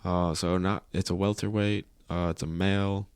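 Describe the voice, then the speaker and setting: A man's voice: deep voice, little pitch movement, normal speed, clear, resonant tone. A young man co-hosting a podcast, playing a guessing game in a playful, competitive way. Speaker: podcast co-host. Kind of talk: casual chat.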